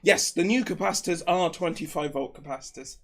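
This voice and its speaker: A man with a notably high voice co-hosts a casual stream. He reads out viewer messages and jokes along with the others. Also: a little fast, a bit bright. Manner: jokey, playful banter. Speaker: co-host reading super chats. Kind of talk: casual live-stream chat.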